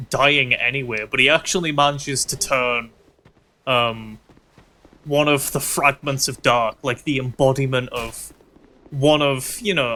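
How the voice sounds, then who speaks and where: A man's voice: medium pitch, bright, forceful tone. A man streaming a game, musing with lots of fillers and ranting theatrically with heavy swearing at enemies. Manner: musing, filler-heavy storytelling between bursts of frustration. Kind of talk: casual gameplay commentary.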